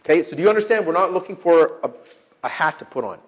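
A middle-aged man preaching a sermon, emphatic, swinging from loud declarations to quiet asides and asking repeated rhetorical questions. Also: on the high side, animated, fast talker, muffled recording. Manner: emphatic, rising and dropping sharply in loudness, with repeated rhetorical questions.

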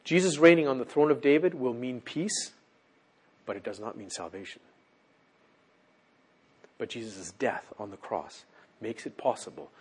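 A man preaching a sermon in an animated way, who keeps checking in with his listeners. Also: mid-range voice, husky.

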